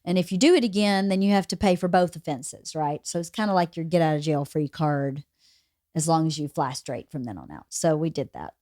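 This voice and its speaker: A woman hosting a podcast, telling a story in a lively, casual way and laughing as she goes. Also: low voice, fairly quick, no room sound, clean studio sound. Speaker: podcast host.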